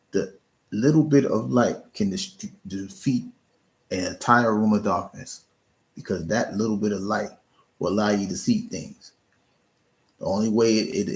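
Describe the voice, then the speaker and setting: Man, lowish voice, live streamer, earnest motivational chat, repeats and restarts. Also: measured pace, darkish tone. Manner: earnest, encouraging, frequent restarts and repeated words. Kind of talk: casual motivational talk.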